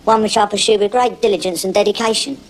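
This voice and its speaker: A man's voice: high voice, fairly even intonation, quick pace, a little hiss or hum, lightly acted. An actor playing a cocky young male building worker who brags about women, in jokey banter. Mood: boastful. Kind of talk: TV comedy-drama acting.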